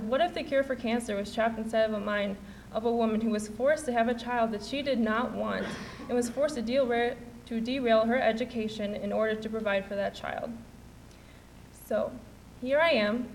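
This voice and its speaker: A woman's voice: a little high, moderate pace, a little hiss or hum, rough recording. Earnest young woman giving a persuasive speech. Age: young adult. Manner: earnest, rhetorical. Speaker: student speaker. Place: theatre stage.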